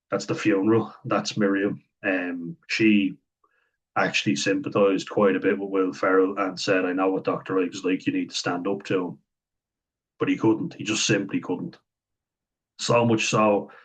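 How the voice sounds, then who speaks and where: A man's voice: deep voice, breathy edge, rough recording. An Irish man talking through a series in casual commentary, blunt and chatty, acting out the quoted lines as he goes. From Ireland.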